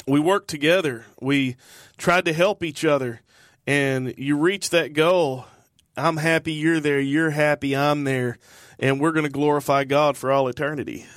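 Upbeat man with a slightly high voice. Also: dry recording, clean studio sound. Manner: enthusiastic, uses sports comparisons. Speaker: Bible study co-host. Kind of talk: casual chat.

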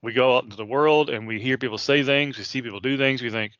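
A man's voice: mid-range voice, fast, a bit bright, dry recording, muffled recording. A man in his late thirties, a preacher, teaching a Bible passage in an earnest, casual way with many fillers and restarts. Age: 30s.

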